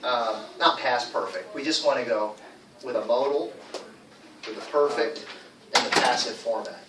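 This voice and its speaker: A man's voice: medium pitch, moderate pace, noisy background. A man teaching English to a class, explaining grammar and drilling pronunciation with the students. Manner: drills pronunciation, stresses words, repeats phrases for class. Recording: echoey classroom from far off. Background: students talking.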